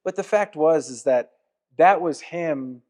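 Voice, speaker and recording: A man's voice: on the high side, a little slow, darkish tone. A man hosting a casual podcast interview, reflective and asking leading questions. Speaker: podcast host.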